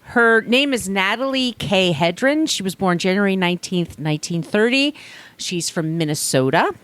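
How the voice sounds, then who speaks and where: A woman's voice: mid-range voice, expressive, normal speed, fairly bright tone. Chatty, laughing woman podcast co-host. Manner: chatty storytelling, laughs often, filler-laden. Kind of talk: casual chat.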